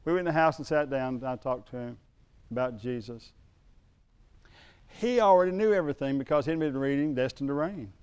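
A middle-aged man preaching a sermon, moving from quiet storytelling to emphatic calls to the congregation. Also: medium pitch. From United States. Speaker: pastor.

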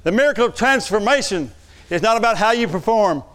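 A man with a high, smooth and resonant voice preaches a lively sermon. He drops to quiet, close asides and then swells into loud calls to the congregation. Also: brisk. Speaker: pastor. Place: church sanctuary.

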